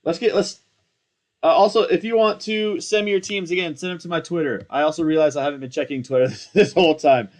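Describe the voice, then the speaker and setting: A young man in casual commentary, excitable and rambling, slangy and self-mocking, hyped up on coffee. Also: a little high, a little fast. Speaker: fantasy football content creator.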